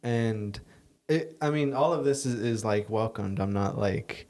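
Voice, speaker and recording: A man's voice: on the low side, fairly even intonation, a little slow, a little mellow. Rambling young man chatting casually. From Southern California. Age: young adult. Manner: rambling, many fillers and restarts. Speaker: podcast co-host. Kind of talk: casual chat.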